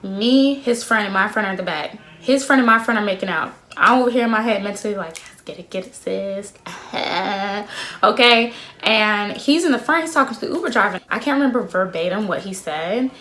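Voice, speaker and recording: A young woman in her twenties telling a story to her phone camera in a casual, slangy, animated way, laughing often. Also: medium pitch, fast talker, hardly any pauses. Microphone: phone camera at arm's length.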